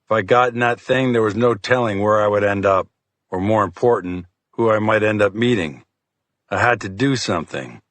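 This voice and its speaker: A man narrating a crime thriller audiobook in the first person, with a steady, measured delivery. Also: lowish voice, no room sound.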